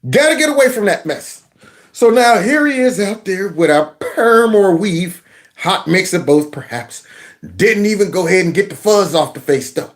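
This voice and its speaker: A man's voice: high voice, expressive, moderate pace. A man hosting his own commentary channel, mocking a clip with sarcasm and mimicry. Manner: sarcastic, mimics voices, breaks into song.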